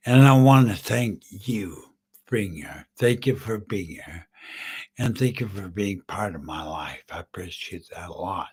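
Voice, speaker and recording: A middle-aged man hosting a live podcast, halting and choked up as he tells his own story through tears. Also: low-pitched, lively intonation, a little mellow, slightly rough. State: tearful. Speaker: podcast host. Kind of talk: live-streamed personal story.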